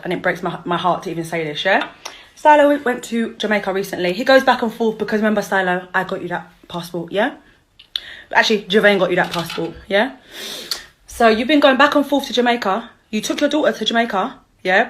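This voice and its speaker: A woman's voice: fairly high pitch, a bit bright. Heated woman in a confrontational rant. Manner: confrontational, heated and mocking, repeats herself. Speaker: mother calling out her child's father. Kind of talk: angry live-stream rant.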